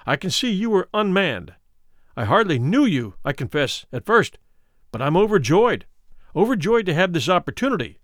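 A wealthy old doctor, smooth and anxious to please, hurrying his soothing words, as a male reader voices him. The delivery rises and falls a lot, recorded close and dry. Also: high voice, a bit bright, dry recording. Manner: hurried, soothing and ingratiating. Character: smooth wealthy elderly doctor, nervous and placating.

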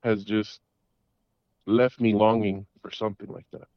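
A middle-aged man calling in to a talk show, telling a story in a rambling, halting way full of restarts and fillers. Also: on the low side, level tone, no echo, muffled recording. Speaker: caller. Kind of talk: casual storytelling. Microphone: phone call.

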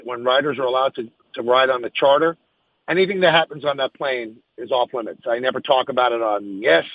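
A man's voice: mid-range voice, no echo, dull audio. A man who hosts sports radio, answering interview questions frankly and emphatically, thinking aloud as he goes.

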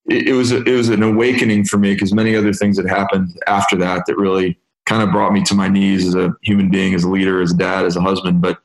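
50s guy telling stories as a guest, low voice, echoey room. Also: quick pace, vocal fry, few pauses. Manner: candid, animated storyteller. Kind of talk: storytelling interview answer.

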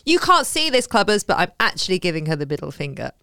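A woman's voice: fairly low pitch, very animated, fast, vocal fry, bright, forceful tone, dry recording, clean studio sound. A woman co-hosting a casual chat podcast, gushing and laughing often. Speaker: podcast co-host.

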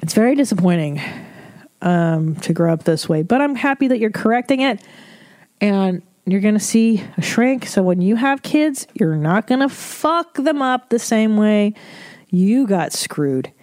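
A woman's voice: medium pitch, expressive, measured pace, a little mellow, no room sound. A woman comedian hosting an advice podcast, reading listener emails and giving blunt, profane, candid advice. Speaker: podcast host.

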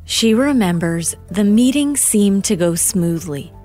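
Slow low-voiced lady narrating a crime doc, grave and measured, faint music under it. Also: expressive, mellow. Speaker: documentary narrator. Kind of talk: scripted true-crime narration.

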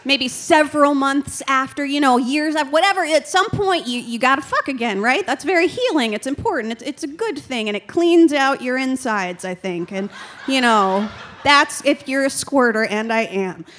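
A woman's voice: high-pitched, animated, moderate pace, fairly bright tone, slight background noise. A young adult woman doing stand-up comedy, telling a candid, rambling and self-deprecating story.

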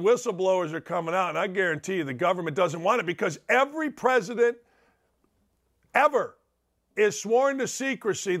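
Brash, gravelly-voiced sports talk host. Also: male voice, high voice, fairly bright tone. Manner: brash, wisecracking, rapid riffing.

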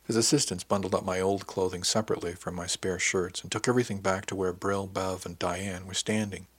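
Low, husky male audiobook narrator. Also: level tone. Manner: measured, descriptive. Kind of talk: first-person audiobook narration.

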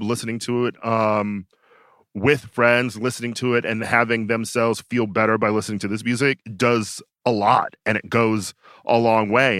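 A man's voice: medium pitch, fairly bright tone, no room sound, clean studio sound. A man co-hosting a podcast in casual chat, opinionated and talking in long runs with many fillers and restarts. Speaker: podcast co-host.

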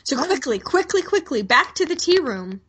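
A woman with a slightly high voice recaps a film on a podcast. She is wry and chatty and slips into the characters' lines as she goes. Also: very animated, normal speed, fairly bright tone. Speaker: podcast co-host. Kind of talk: casual movie recap chat.

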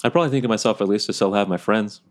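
A man rattles off his lines quickly in a lowish voice while playing a tabletop game. He talks in character in an earnest, reactive way. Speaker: player.

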